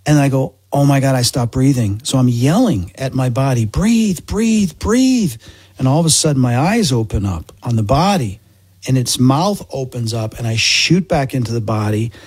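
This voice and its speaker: A man's voice: medium pitch, expressive, moderate pace, darkish tone, breathy edge, no echo. A man hosting a casual chat, retelling an experience of his own. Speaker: host.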